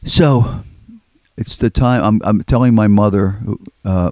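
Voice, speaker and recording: An older Philadelphia man who collects records tells rambling stories as an interview guest, repeating words and acting out quotes. His lowish voice is darkish in tone and measured in pace, captured on a studio microphone with no echo.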